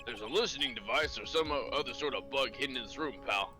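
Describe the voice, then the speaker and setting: A man voicing a gruff, friendly male detective who calls everyone pal, reading game dialogue on a live stream with a hearty, folksy manner. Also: medium pitch, fast, music in the background, close to an everyday voice. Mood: instructive.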